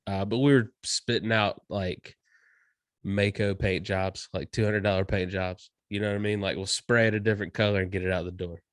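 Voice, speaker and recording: A man's voice: lowish voice, fairly even intonation, brisk, no room sound. A young adult man from North Carolina, a podcast host, telling his life story in a rambling, self-mocking way with dry humor. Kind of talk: casual storytelling chat.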